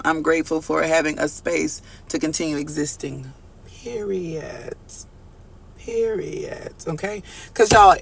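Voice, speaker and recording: A man's voice: a little high, a bit bright. A man giving a live collective tarot reading in a casual, profane, chatty way, calling his viewers y'all and answering their chat comments. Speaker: tarot reader.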